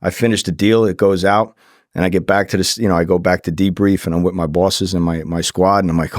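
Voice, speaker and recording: A man with a fairly low voice tells old-school police stories on a podcast, hammering his points home by repeating them. He is close-miked, and the room adds no echo. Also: steady tone, brisk. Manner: emphatic, repeats phrases for stress. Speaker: former undercover officer, guest. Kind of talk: casual storytelling. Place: podcast studio. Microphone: studio mic.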